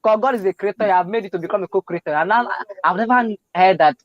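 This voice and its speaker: A man's voice: high-pitched, fast, no echo. A Nigerian man hosting an interview, talking in an effusive, repetitive casual way with bits of pidgin. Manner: effusive, repeats himself, mixes in pidgin. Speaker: interview host. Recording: dull, dry.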